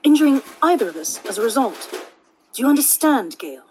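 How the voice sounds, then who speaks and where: A woman voicing a guarded, sharp-tongued male vampire elf, speaking in a clipped, stern way. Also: a little high, very animated, fairly quick, a little hiss or hum, low-quality recording.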